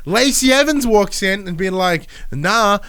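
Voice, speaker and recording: A man's voice: medium pitch, lively intonation, normal speed, fairly bright tone, clean tone. A man hosting a podcast alone, feeling sick with a stuffy nose, rambling and swearing as he recaps the week. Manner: rambling, swears, acts out wrestlers' lines. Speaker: podcast host. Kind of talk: solo casual recap.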